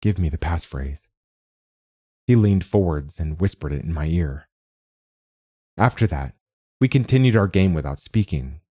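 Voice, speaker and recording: A deep, dark-voiced male narrator delivers scripted narration in steady, measured storytelling. The sound is clean studio audio with no room sound.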